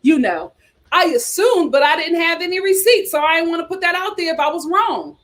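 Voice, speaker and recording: A woman's voice: extremely high pitch, lively intonation, brisk, a bit bright. A woman hosting a casual commentary show, reading articles and viewer comments aloud and reacting in an outspoken, exclaiming way. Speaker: host.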